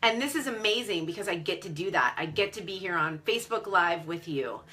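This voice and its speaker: Bright-voiced woman, emotional and candid. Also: fairly low pitch, a little fast, soft background music. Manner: emotional, near tears; animated, candid. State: tearful. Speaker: online business coach. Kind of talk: Facebook Live chat.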